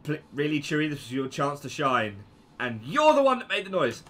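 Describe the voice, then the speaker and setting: A man giving casual gameplay commentary, excitable, yelping and joking as he plays. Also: on the high side, a little fast.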